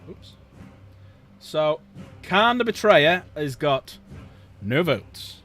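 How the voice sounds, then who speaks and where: A man chats casually and jokes with his viewers as he hosts a livestream. His voice sits a little above the usual male pitch, and his talk is loose and chatty. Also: very animated, extremely slow, pauses often, a bit bright. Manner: chatty, jokey, talks to chat. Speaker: livestream host. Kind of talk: casual chat while painting miniatures.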